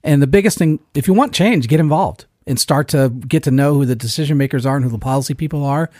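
A man's voice: on the high side, fast, a little mellow, dry recording, clean studio sound. A middle-aged man in a casual panel discussion, earnest and opinionated.

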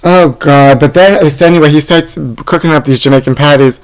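A man's voice: on the high side, fairly quick, clear, resonant tone, rough recording. A man co-hosting a podcast, telling stories in a campy, gossipy chat. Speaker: podcast co-host. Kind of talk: casual chat.

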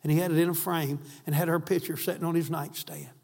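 Fervent high-voiced preacher in an echoey hall. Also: male voice, flat delivery, fast, vocal fry, a little mellow. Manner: fervent, emphatic, repeats phrases for stress. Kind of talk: sermon.

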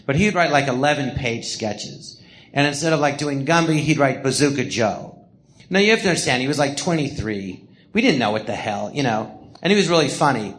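A man's voice: medium pitch, lively intonation, fairly quick, fairly bright tone. An older man hosting a live podcast, telling rambling memoir anecdotes with restarts and acted-out quotes. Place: podcast theatre before a live audience.

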